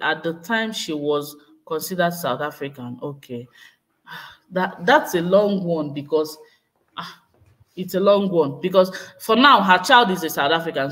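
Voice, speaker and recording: A woman's voice: on the low side, fairly bright tone. A woman vlogger in casual live-stream commentary, speculating and hedging as she reads out and answers viewer comments. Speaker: vlogger hosting a live chat.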